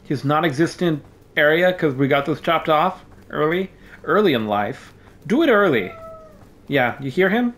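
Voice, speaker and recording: A man's voice: fairly high pitch, normal speed. Playful man doing let's-play commentary. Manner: playful, jokey, excitable, yelps when startled. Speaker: gaming YouTuber. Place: home room. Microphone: desk microphone.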